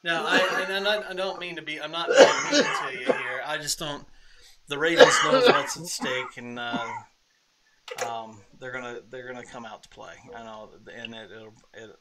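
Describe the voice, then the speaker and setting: A man co-hosting a live sports talk stream, talking haltingly and restarting his sentences. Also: mid-range voice, a loud crowd, poor audio. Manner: halting, repeats and restarts often. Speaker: sports show co-host.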